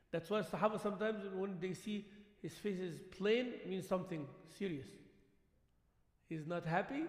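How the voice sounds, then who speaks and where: A man teaching a relaxed religious lesson as a sheikh, mixing Arabic words into his English, asking his listeners questions and laughing often. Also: high-pitched, vocal fry. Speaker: sheikh teaching a mosque class. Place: mosque hall. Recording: echoey hall with long reverb.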